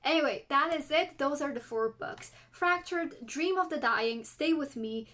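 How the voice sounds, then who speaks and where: This book vlogger, a woman with a non-American English accent, chats eagerly and reads blurbs aloud. She has a high, animated voice, pushed and bright, and speaks a little slowly.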